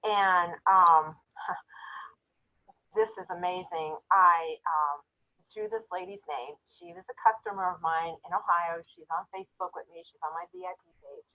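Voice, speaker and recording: A woman's voice: on the low side, moderate pace, sharp tone. Heartfelt woman telling a story on a group call, gets teary, kinda muffled lo-fi audio. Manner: emotional, storytelling, tearful at times. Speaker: jewelry sales team member.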